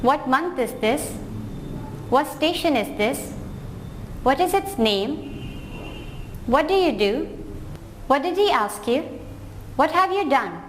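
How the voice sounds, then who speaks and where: Slow, high-voiced woman reading drills. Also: expressive. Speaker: English teacher. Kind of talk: reading example sentences aloud. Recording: echoey room with faint ambient noise.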